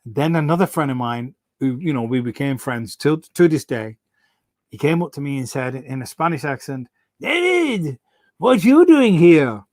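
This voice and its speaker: A middle-aged man chats live to his fans from home. He rambles enthusiastically from story to story, restarting his sentences often. His voice sits at a middling pitch, and the sound is dry and close. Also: normal speed, darkish tone, no echo. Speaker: singer hosting a fan livestream. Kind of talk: casual live stream chat.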